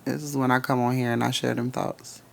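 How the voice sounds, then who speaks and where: Gravelly, profane live-streaming man. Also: medium pitch, level tone, fairly quick, fairly bright tone, slight background noise. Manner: profane, laughing, talks straight to the chat. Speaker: live-stream spiritual reader. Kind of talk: casual live-stream chat.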